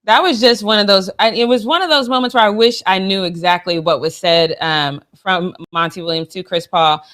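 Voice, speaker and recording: A woman's voice: mid-range voice, moderate pace, fairly bright tone. A woman co-hosting a sports talk show, gushing and emotional, with sassy trash talk. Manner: gushing and emotional, with frequent laughs. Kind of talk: casual sports chat.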